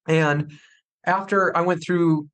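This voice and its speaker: A young man with a slightly high-pitched voice tells a personal story on a podcast. He speaks intensely and slips into acted quotes of the people he met. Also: steady tone, slow pace, fairly bright tone. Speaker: podcast guest.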